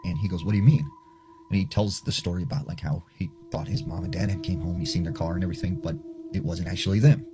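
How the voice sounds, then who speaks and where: With music behind him, a man tells a ghost story casually and fast, his low voice swinging hugely in pitch. His telling is loose and chatty, full of filler words.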